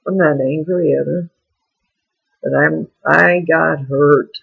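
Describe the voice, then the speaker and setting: Raspy, slow-talking, frank video diarist. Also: mid-range voice, steady tone, phone-quality sound. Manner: frank, rambling, confessional. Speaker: vlogger. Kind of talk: candid personal video diary.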